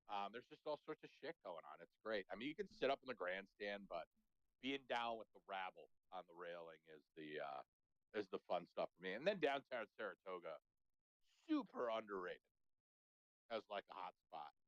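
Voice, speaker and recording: A man's voice: low-pitched, very animated, moderate pace, a bit bright, no echo. A man co-hosting a casual sports chat, telling rambling, profane stories. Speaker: podcast co-host. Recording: dull, lo-fi sound.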